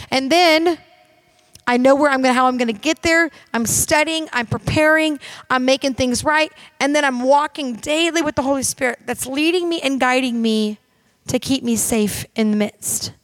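High-voiced woman preaching emphatically. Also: normal speed, a bit bright, no echo. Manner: emphatic, direct and conversational, addressing the audience. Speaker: minister. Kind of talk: sermon.

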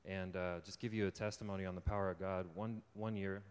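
A man's voice: low-pitched, level tone, fast talker, clear, resonant tone. A young man giving an informal sermon testimony to a live audience. He tells his story conversationally, laughs often, and builds to fervent encouragement. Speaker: lay preacher giving a testimony. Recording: long hall reverb.

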